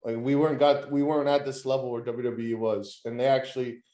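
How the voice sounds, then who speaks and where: Man, podcast co-host, mid-pitched voice, hesitant questions, echoey roomy sound. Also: little pitch movement, fast, warm tone. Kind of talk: casual wrestling chat. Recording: roomy echo, off-mic.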